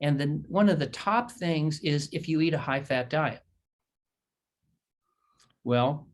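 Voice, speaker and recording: A man who is a surgeon, explaining diet to patients in an educational talk over a shared screen, repeating his points emphatically and telling folksy stories. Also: mid-range voice.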